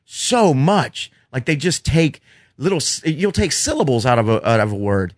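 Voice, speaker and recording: A man's voice: mid-range voice, moderate pace, no room sound, studio quality. A man, a stand-up comedian, telling heckler stories in casual podcast chat, swearing freely and acting out quotes. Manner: profane, animated storytelling with acted-out quotes.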